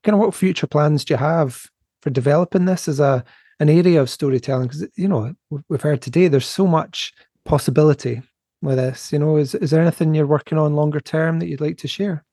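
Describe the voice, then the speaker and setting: A man hosting an interview, thanking his guest and asking questions in a gentle, encouraging way. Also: a little high, brisk, slightly rough, no room sound, clean studio sound. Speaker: podcast host.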